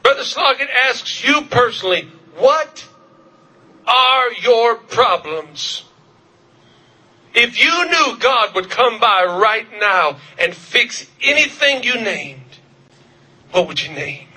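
A man preaching a revival sermon, fervent, repeating his questions and shouting at the peaks. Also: extremely high pitch, expressive, unhurried, husky. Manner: fervent, shouting at peaks, repetitive calls to the congregation. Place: church service.

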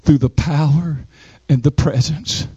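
A man preaching a sermon, emphatic, with dramatic pauses and sweeping rises in pitch. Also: fairly even intonation, dark tone, slightly rough, no echo, muffled recording.

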